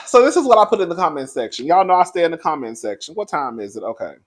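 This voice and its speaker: A man hosting a reaction vlog, talking in an animated, gossipy way and calling his viewers "girl". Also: on the high side. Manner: animated, gossipy, quick laughs. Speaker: commentary vlogger. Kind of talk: sassy reaction commentary.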